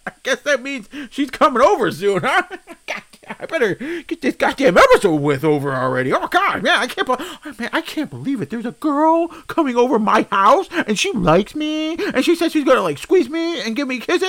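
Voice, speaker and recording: A man hosting a comedy podcast, rambling excitably and swearing as he freaks out. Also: fairly quick. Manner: excitable, rambling, swearing, swinging wildly in pitch. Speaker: podcast host.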